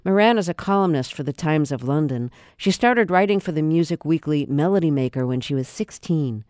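A woman's voice: low voice, expressive, a little mellow, no echo. Composed woman radio host, dry studio. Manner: measured, clear, composed. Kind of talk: public radio interview. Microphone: studio microphone.

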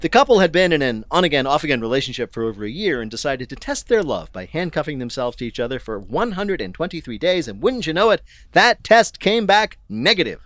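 A man hosting a news quiz, reading questions briskly and landing wry punchlines. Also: fairly high pitch, sing-song, a bit bright, no echo. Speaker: quiz show host.

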